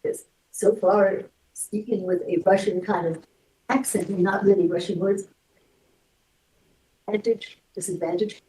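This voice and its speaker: A woman testifying as a witness in court, answering in halting, hesitant phrases. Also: mid-range voice, steady tone, mellow, a little hiss or hum. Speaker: expert witness. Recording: distant courtroom audio.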